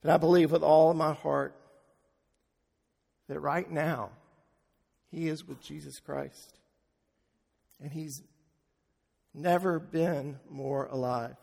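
A pastor preaching in a church sanctuary, his fairly high voice carrying a long reverb through the hall. He speaks slowly, letting phrases fall to near silence before rising again with force. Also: fairly even intonation, gravelly. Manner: slow, with hushed drops and swells to loud emphasis. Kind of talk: sermon.

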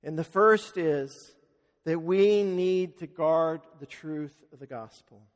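A man preaching a sermon as pastor, telling a story earnestly and slowing down for emphasis. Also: fairly high pitch. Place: church sanctuary. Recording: long church-hall reverb.

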